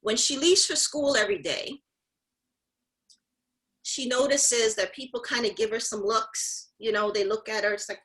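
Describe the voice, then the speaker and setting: A fairly high-pitched woman speaks at a moderate pace with a fairly bright tone, captured in a low-quality recording. She's motivating a mentorship group, pressing her points emphatically, echoing phrases, and calling out to those listening.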